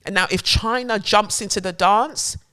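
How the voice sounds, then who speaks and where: A woman hosts a news-commentary podcast. She reads headlines aloud, then riffs on them in sarcastic, animated bursts. Her swearing comes easily, and her voice sits at a middling pitch. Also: moderate pace, clear, resonant tone. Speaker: podcast host.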